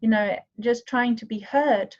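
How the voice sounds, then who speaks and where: A woman's voice: fairly high pitch, measured pace. Earnest, affectionate woman, lo-fi sound. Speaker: participant in a women's healing circle. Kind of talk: emotional sharing in an online circle. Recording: dull lo-fi sound.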